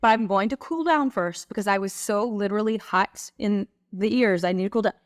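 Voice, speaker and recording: A middle-aged woman, a guest on a talk show, telling personal stories in an animated way and acting out what people said. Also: medium pitch, a little fast, no room sound, studio quality. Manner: animated, acts out quoted voices. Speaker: guest, women's group leader. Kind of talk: conversational storytelling.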